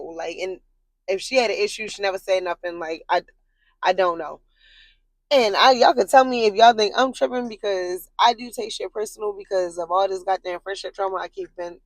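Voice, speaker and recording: A woman telling a long personal story to camera in a loose, rambling way, leaning on filler words and cursing bluntly. Her pitch sits at an ordinary middle, but she leaps higher when she gets worked up. The sound is dry and close. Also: no room sound, low-quality recording. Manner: animated, jumps high in pitch when worked up. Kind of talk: casual storytime monologue.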